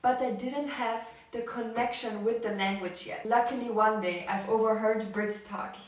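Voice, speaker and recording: A woman's voice: a little high, fairly even intonation, a little fast, far from the mic. A woman in her twenties whose first language is German, telling her story in a scripted vlog and posing rhetorical questions. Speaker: language-learning vlogger. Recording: very echoey room, from the mic.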